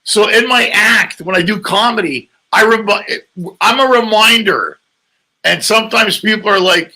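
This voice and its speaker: A man who is a stand-up comedian, telling animated jokey stories in a casual interview. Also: high-pitched, moderate pace, low-quality recording. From Greek heritage. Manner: animated, joking storyteller with raspy, gravelly voice. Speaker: comedian guest. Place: lives in England.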